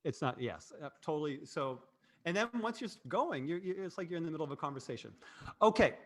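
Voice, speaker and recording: A man's voice: a little high, animated, fast talker. A man hosting a casual marketing livestream, rambling and cutting himself off, laughing easily. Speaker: host and agency president.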